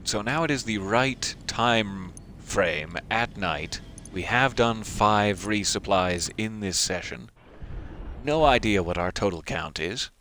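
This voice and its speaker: A man's voice: on the low side, expressive, slow, sharp tone, a little hiss or hum. A man giving casual let's-play commentary, rambling with self-deprecating asides. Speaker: gameplay commentator.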